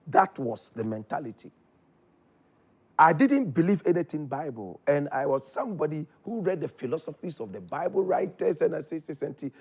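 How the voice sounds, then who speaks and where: A man with a Ghanaian accent telling his story in casual chat, animated, his voice jumping up when excited. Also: medium pitch, husky. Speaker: guest.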